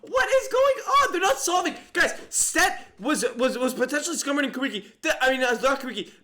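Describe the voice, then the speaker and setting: A young man commentating live on an online mafia game he is playing, excitable and full of disbelief, thinking out loud. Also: extremely high pitch, brisk.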